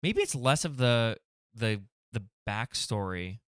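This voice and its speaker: A man hosting a livestream, brainstorming comedy sketch ideas out loud in a hesitant way, with many pauses and fillers. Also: medium pitch, very animated, clean tone, no room sound, studio quality.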